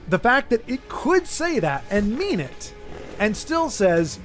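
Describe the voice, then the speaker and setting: A man's voice: high voice, sing-song, measured pace, faint music behind. A man hosting a casual chat, rambling and restarting his sentences as he talks through an idea. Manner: rambling, many restarts and repeated words. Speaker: streamer host.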